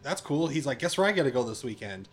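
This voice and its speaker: A man in a casual chat, telling a travel anecdote in a relaxed, easygoing way. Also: mid-range voice, racing. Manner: laid-back anecdotal storyteller. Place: lives in Utah.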